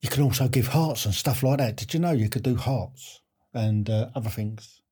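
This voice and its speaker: A man's voice: medium pitch, moderate pace, dark tone, breathy edge. A man hosting a live online quiz in a chatty, self-deprecating way, often chuckling.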